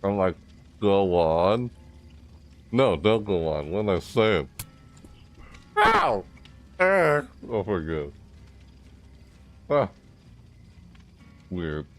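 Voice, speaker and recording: A man talks through his gaming session in an easy, rambling way, reacting out loud and muttering to himself. His voice sits low but jumps around a lot, and he takes his time with his words. Faint game music plays underneath. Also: huge pitch swings, very slow, pauses often. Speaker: gaming YouTuber. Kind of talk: casual gameplay commentary.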